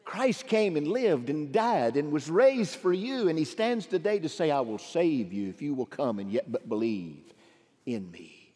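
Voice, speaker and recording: A middle-aged male pastor preaching a sermon, swinging from emphatic calls to quiet, low asides. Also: animated, measured pace. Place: large church sanctuary. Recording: long hall reverb.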